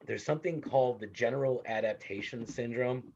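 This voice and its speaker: A man in his thirties or forties giving a classroom psychology lecture, animated and conversational, with stories from home. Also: medium pitch, brisk, dull audio. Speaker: psychology instructor.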